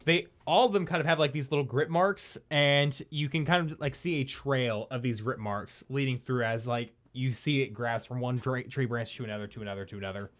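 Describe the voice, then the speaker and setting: A man's voice: medium pitch, brisk, hardly any pauses, fairly bright tone. A man narrating a tabletop game as dungeon master, in a loose, hesitant way full of fillers and restarts.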